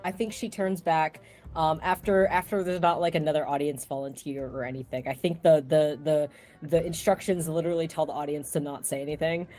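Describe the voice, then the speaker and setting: A woman's voice: low voice, fairly even intonation, a little fast, warm tone, soft background music. A woman playing a tabletop game, rambling and laughing as she talks. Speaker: player.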